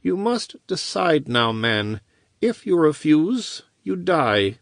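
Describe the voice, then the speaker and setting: A man's voice: a little high, big pitch swings, slow, creaky, no echo, pitched above the performer's own voice, heavily acted. A man reading an audiobook, voicing a cold, scheming male wizard who speaks dryly and bleakly in a raised voice. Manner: dry and clipped.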